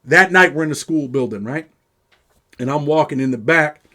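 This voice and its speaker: New guy talking street style, cussing a lot, kinda higher pitched, keeps saying man. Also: moderate pace, pushed and bright. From New York. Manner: streetwise, profane, peppers speech with "man". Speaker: host. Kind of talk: casual first-person storytelling.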